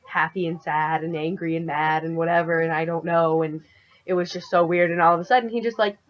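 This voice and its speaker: A woman's voice: fairly low pitch, lo-fi sound. A woman in her twenties telling a story in a casual, chatty vlog, peppering her speech with "like". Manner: chatty, animated, heavy use of "like". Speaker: vlogger.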